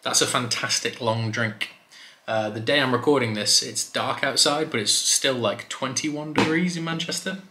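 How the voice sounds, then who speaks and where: A man talks through a whisky review in an easy, chatty way, with plenty of fillers along the way. His voice has a bright, forward edge. The room around him adds a noticeable echo. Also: mid-range voice, normal speed, slight background noise. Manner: chatty, relaxed, loose with fillers. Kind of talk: casual review vlog. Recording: roomy echo.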